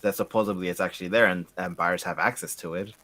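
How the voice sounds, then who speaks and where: A man's voice: sits low, fairly even intonation, quick pace, sharp tone, no echo. A man co-hosting a casual livestream chat about reselling, speaking hesitantly with lots of fillers. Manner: hesitant, many fillers and restarts. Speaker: livestream co-host.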